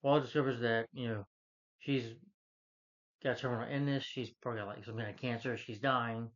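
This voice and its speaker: A man's voice: medium pitch, fairly even intonation, fairly quick, fairly bright tone. Rambling man recapping a film, lo-fi. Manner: rambling, full of fillers like "you know" and "like". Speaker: film reviewer. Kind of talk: casual spoken movie recap.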